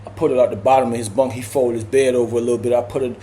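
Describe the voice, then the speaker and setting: A man telling a casual prison story in slangy, animated speech, acting out the people he quotes. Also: mid-range voice, very fast, slight background noise.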